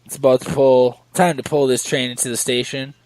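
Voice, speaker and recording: A man hosting a podcast, teasing his guest in loud, playful casual banter. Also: medium pitch, fairly even intonation, brisk, dry recording, rough recording. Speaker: podcast host.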